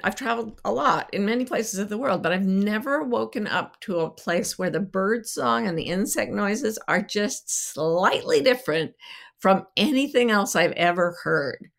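A woman with a gravelly edge to a mid-pitched voice, co-hosting a podcast. She rambles through casual chat in a playful, self-mocking way. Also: expressive, a little slow. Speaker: podcast co-host.

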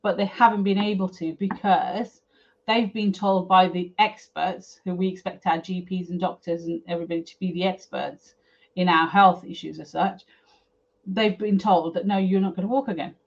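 A woman's voice: on the low side, steady tone, moderate pace, gravelly. A middle-aged woman, a guest on an interview, telling a personal story candidly and with feeling, chatty and full of fillers. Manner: frank, emotional, chatty with fillers. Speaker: guest, property developer. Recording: slightly dull lo-fi audio.

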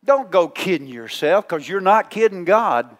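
A male pastor preaching a folksy, teasing sermon, swinging between loud calls and hushed asides. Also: sits high, very animated, unhurried, in a large hall.

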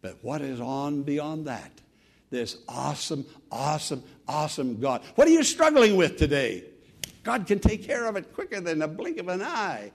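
A man preaching a sermon as pastor, earnest and conversational, swinging from fervent emphasis to soft, quiet phrases. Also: fairly high pitch, lively intonation, normal speed. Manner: repeats words and restarts, conversational preaching.

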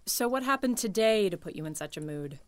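An actress playing an upbeat, affectionate young woman who teases her friend warmly. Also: medium pitch, expressive, a little fast, close to an everyday voice. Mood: teasing. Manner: teasing and upbeat.

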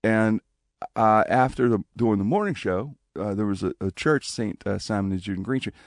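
A man casually telling a personal story, animated, acting out the voices of people he quotes. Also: moderate pace, no echo, studio quality. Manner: animated, acts out quoted speech with big pitch jumps.

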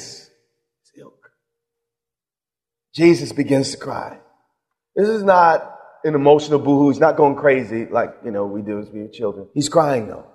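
A middle-aged man preaching a sermon with passion, moving from loud outbursts to hushed, slow moments. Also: a little high. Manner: impassioned, swings from loud to hushed. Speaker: pastor. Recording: long reverb of a large hall.

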